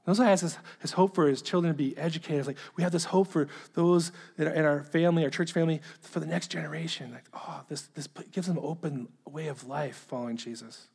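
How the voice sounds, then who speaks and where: A man preaching a sermon in an earnest manner, often restarting phrases to press a point and sinking to a hushed tone at the ends of thoughts. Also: a little high, fairly even intonation, fast, hardly any pauses, breathy edge. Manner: earnest, repeats words and restarts when stressing a point. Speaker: pastor. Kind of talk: sermon reading a letter aloud.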